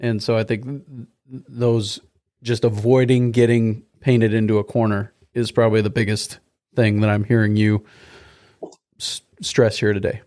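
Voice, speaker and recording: A man's voice: fairly low pitch, flat delivery, moderate pace, a little mellow. A man hosting a podcast interview in an easygoing, folksy way, laughing often. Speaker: podcast host.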